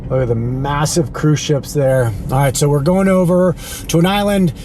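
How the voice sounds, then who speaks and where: A man's voice: a little high, moderate pace, a little mellow, a little hiss or hum. A man who trains dogs, talking casually to camera while walking his dog and driving, a bit out of breath and breaking off to talk to the dogs. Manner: chatty, talks to his dogs between remarks. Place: outdoors on a beach walk near a road, then in a car.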